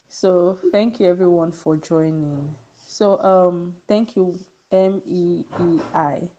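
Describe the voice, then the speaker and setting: A woman's voice: on the low side, fairly even intonation, takes it slowly, few pauses, mellow, poor audio. A woman speaking as a guest on a video call, a little under the weather, chatty and laughing often. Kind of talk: online talk. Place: home with a generator running nearby.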